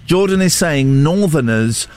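A man's voice: a little high, animated, measured pace, darkish tone, faint music behind. A man in his late forties hosting a breakfast radio show, bantering in a loose, self-mocking way with lots of restarts. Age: 40s.

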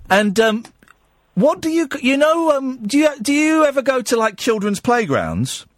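A man's voice: extremely high pitch, sing-song, measured pace, pauses often, dry recording. Radio host guy, rambling and jokey, bouncy voice, dry studio mic. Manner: rambling, playful, giggly, full of restarts. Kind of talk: late-night radio phone-in chat. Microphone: studio microphone.

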